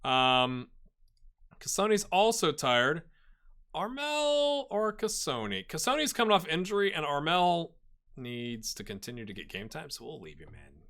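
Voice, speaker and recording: A man records let's-play commentary for a football management game in a fairly high, unhurried voice. He grows excited and speaks to his virtual players as if they could hear him.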